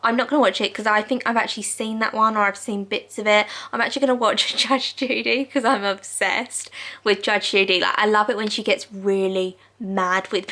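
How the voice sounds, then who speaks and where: A woman's voice: medium pitch, fairly bright tone. A young woman vlogger from England chatting casually to camera at home at night, giggly and full of "like".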